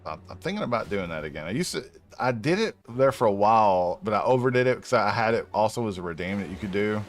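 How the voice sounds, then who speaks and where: A man's voice: fairly low pitch, expressive, quick pace. Laughing, swearing young male streamer. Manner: laughing, profane, rambling. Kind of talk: casual let's-play commentary. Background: faint game music.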